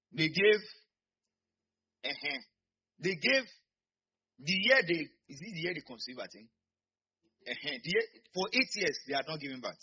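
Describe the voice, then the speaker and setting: Husky Nigerian pastor with a lively voice. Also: male voice, fairly high pitch, lo-fi sound. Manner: preaching with sudden shouts and acted asides. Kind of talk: sermon. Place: church.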